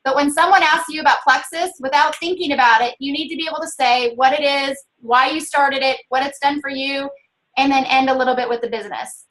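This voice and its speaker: A woman with a Southern US accent co-hosting a casual chat, earnestly coaching others on how to pitch a business. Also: fairly quick, fairly bright tone, low-quality recording. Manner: earnest, coaching, many fillers. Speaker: network marketing co-host.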